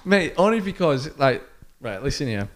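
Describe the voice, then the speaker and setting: Young male podcast co-host, lively swooping delivery, storyteller who laughs a lot. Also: fairly high pitch, moderate pace. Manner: animated storyteller, laughs often. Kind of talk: casual chat.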